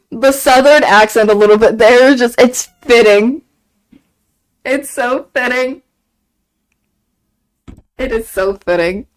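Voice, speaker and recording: A woman streaming a game and chatting casually, gushing excitedly, repeating herself and laughing often. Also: on the high side, slow pace, long pauses, rough recording. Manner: excited gushing fan talk, frequent laughs and repeated phrases. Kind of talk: casual chat on a live stream.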